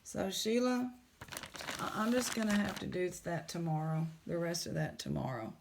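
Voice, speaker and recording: A woman, casually chatting in a jewelry vlog, excited and exclaiming in shock. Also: lowish voice, moderate pace, background noise. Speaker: jewelry unboxing vlogger.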